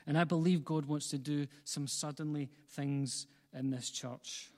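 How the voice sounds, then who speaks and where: Pastor preaching in a reverberant hall. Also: male voice, fairly high pitch, fairly even intonation, a little slow. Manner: earnest, building repetition, gentle asides to congregation. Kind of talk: sermon and closing prayer. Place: church hall. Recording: long reverb of a church hall.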